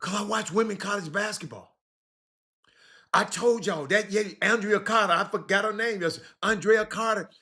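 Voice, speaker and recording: A man with a drawl hosts a casual stream, and his fairly high, very bright voice rambles along informally. He circles back on himself, repeating words and dropping slang as he talks to viewers. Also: moderate pace. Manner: repetitive, stop-start, informal slang. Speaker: livestream host.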